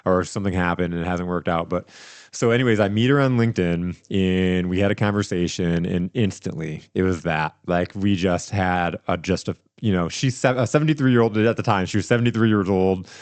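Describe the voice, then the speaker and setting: A man hosting a podcast, telling a story in casual chat, animated and rambling with restarts. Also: low voice, brisk, no echo. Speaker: podcast host.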